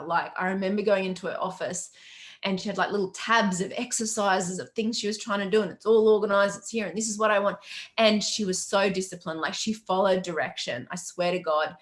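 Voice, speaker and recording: A woman's voice: mid-range voice, fairly bright tone. A middle-aged Australian woman, a business coach, chatting on a live Q&A stream, upbeat and chatty, greeting viewers by name and laughing often. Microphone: webcam or laptop mic on a video call.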